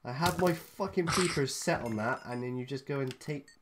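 A man's voice: mid-range voice, moderate pace, noisy background. A man teasing his co-player in a casual, sweary gaming chat. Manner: sweary, playful, teasing banter. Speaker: gamer co-host.

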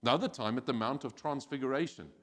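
A man preaching a sermon as pastor, animated and acting out quoted voices. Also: mid-range voice, fast. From South Africa. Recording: church hall with long reverb.

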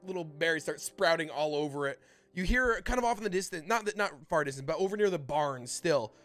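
A man narrating a tabletop game as its dungeon master, with a voice sitting a little above the usual male range. He tells the scene casually and haltingly, often restarting his sentences. Faint music plays underneath. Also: a little high, animated, a bit bright. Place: home streaming setup.

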